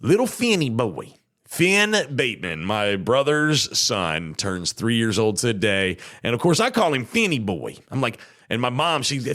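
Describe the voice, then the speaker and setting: A man in his thirties with a drawl, hosting a casual local podcast. His talk is chatty and loose, full of fillers. His pitch swings widely and lively, rising high when he gets excited. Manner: chatty and animated, many fillers. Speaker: podcast host.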